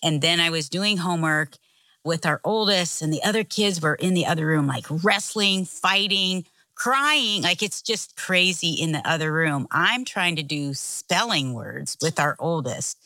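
A woman's voice: on the low side, lively intonation, unhurried, sharp tone, dry recording. A middle-aged woman co-hosting a casual chat, telling a story animatedly and acting out the voices in it. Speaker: co-host.

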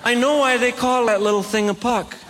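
A man's voice: very high voice, fairly even intonation, brisk, noisy background. A man telling self-deprecating comic stories with playful punchlines to a live audience. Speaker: comedic speaker. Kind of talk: stand-up storytelling.

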